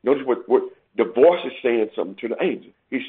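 A man preaching a sermon, emphatic, repeating phrases and rising sharply in pitch to stress his points. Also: animated, moderate pace, creaky, hardly any pauses, breathy edge. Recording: tinny phone-like radio broadcast.

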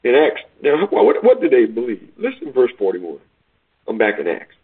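A man a sermon, repeating his points in call-and-response style and rising to near-shouts on key lines. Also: mid-range voice, wildly swooping pitch, moderate pace, husky. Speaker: preacher. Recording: tinny phone-like radio broadcast.

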